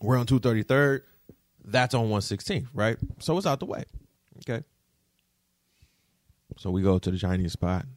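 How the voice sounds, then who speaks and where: Animated man telling a story. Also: on the low side, normal speed, long pauses, no echo. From Detroit. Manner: animated, profane, keeps checking in with the audience. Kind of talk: casual storytelling to camera.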